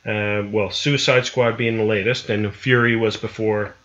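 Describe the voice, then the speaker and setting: A man chatting casually with a friend on a podcast, his voice bright and forward. He rambles a little and lists things off as he goes. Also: lowish voice, steady tone, moderate pace, muffled recording. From Atlantic Canada. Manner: chatty, lists things off, drops into a put-on accent now and then. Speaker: podcast co-host. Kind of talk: casual chat.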